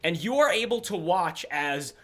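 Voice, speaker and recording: A man narrates a tabletop game as game master, rambling with restarts as he builds scenes. His voice sits high and bright, with a forceful ring. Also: animated, normal speed.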